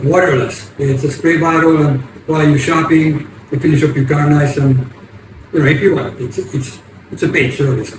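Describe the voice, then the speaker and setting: Older man telling a story, halting and roomy. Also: mid-range voice. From United States. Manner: rambling, halting, many restarts. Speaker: vlogger. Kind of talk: casual storytelling. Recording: echoey, distant, noisy ambience.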